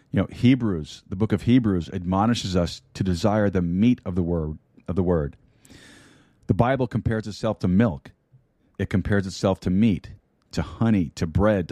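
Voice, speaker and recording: Low, mellow-voiced male pastor preaching. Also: no echo, studio quality. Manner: earnest, repeats key phrases for emphasis. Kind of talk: podcast sermon. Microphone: studio microphone with mute button.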